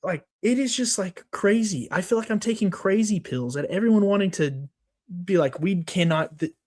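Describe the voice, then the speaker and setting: A man's voice: sits high, lively intonation, moderate pace, a little mellow. A man co-hosting a sports podcast, ranting in a casual, worked-up way with lots of fillers and restarts. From Texas. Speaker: podcast co-host.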